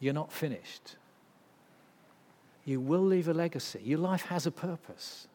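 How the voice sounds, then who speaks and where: A man preaching a sermon, swinging from loud, intense passages to hushed ones. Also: a little high, lively intonation, measured pace. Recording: long reverb of a hall.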